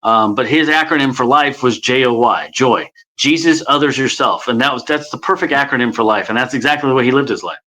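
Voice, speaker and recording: A man guest in a casual interview, talking in a lively, chatty way. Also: mid-range voice, a little fast, hardly any pauses, rough recording. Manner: lively, chatty, many fillers. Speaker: guest, impressionist.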